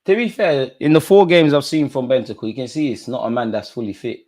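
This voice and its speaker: A man reacting live to a football match, talking at players and the referee, swinging from low mutters to excited shouts. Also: a little fast. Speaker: football fan streamer.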